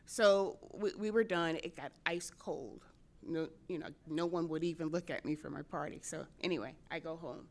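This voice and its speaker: With a low-pitched voice at a moderate pace, a middle-aged state senator recounts a personal story for a convention audience. She's animated throughout, laughing a lot and acting out what people told her.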